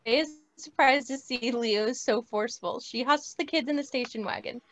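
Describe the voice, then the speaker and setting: A woman reading stage directions at a script table read, in a plain, steady way, over a video call. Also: fairly high pitch, normal speed. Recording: dry, muffled lo-fi audio.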